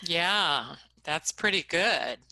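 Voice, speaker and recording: A woman's voice: lowish voice, animated, extremely slow, bright, forceful tone. A woman co-hosting a casual chat, speaking enthusiastically and gushing about her favorite things. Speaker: co-host.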